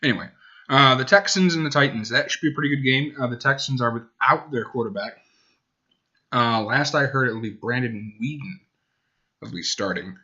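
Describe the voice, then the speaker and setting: This casual sports podcast comes from a host who rambles, backtracks to correct himself, and speaks to his dog. He talks at a normal pace with a medium-pitched, pushed, bright voice, and the sound is lo-fi.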